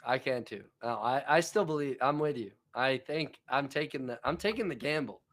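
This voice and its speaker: A man's voice: medium pitch, expressive, normal speed, a bit bright. A young man co-hosting a podcast in casual chat, laid-back and crude, telling stories between laughs. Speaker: podcast co-host.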